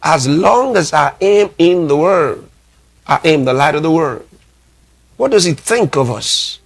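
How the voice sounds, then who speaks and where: A man preaching a sermon, emphatic, repeating his phrases and reading scripture slowly. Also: on the high side, fairly bright tone. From Nigeria. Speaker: pastor.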